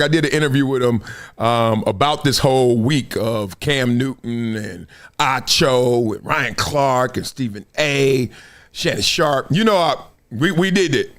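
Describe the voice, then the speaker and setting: Animated, lively male sports talk host. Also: fairly high pitch. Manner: animated storytelling, acts out quoted voices; laughs often between remarks. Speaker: show host. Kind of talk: live sports talk show.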